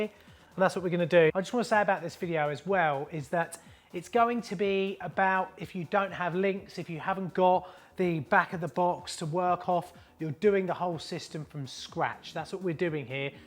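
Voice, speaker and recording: A man's voice: sits high, moderate pace. A man hosting a plumbing tutorial, talking in an upbeat, chatty, matey way while showing his work. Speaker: plumber host. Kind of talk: casual how-to tutorial.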